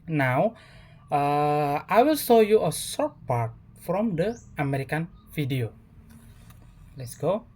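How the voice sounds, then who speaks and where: A man's voice: a little high, big pitch swings, slow, darkish tone. Indonesian-accented young man reading a class talk. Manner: careful reading with hesitant fillers. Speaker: student presenter. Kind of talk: scripted class presentation.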